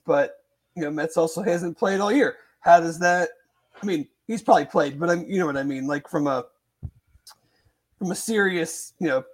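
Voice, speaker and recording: Rambling, hedging male sports podcaster. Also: on the high side. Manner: hedging, rambling, many fillers and restarts. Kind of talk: casual sports chat.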